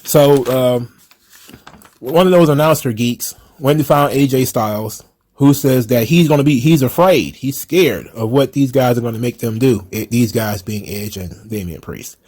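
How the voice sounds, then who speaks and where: A man's voice: medium pitch, moderate pace, darkish tone, husky. Rambling man giving casual commentary. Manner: rambling, chuckling, blunt opinions. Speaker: wrestling commentary host.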